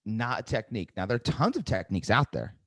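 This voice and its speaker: A man's voice: lowish voice, fast talker, no echo. Upbeat male trainer running a live webinar, dry mic, drills his points home. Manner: energetic, repeats key phrases, acts out sales calls with varied tonality. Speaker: sales trainer hosting a webinar.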